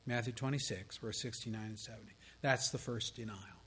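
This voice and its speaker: A man, a pastor, preaching a sermon with dramatic storytelling delivery that swings between hushed tones and strong proclamation. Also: medium pitch, big pitch swings, a little fast, breathy edge.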